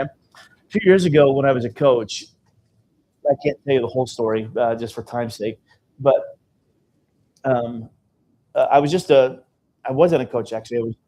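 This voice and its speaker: A seminar speaker and business coach, this man gives a live sales talk, spinning conversational stories and frequently asking "okay?". He has a warm, mid-range voice, and the recording quality is low.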